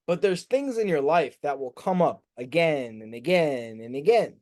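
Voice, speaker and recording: Male spiritual coach, high and lively voice; loose group-class delivery, drops swear words, keeps checking in with "right?". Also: normal speed, hardly any pauses. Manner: swears casually, acts out students' inner voices; animated, rhetorical "right?" checks.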